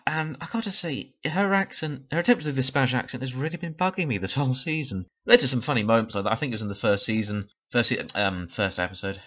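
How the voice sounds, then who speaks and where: A man's voice: medium pitch, fast, a bit bright, highs cut off. A tired man talking through a casual, unscripted review, rambling, correcting himself and laughing often. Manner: chatty, rambling, frequent laughs and self-corrections. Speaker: TV series reviewer.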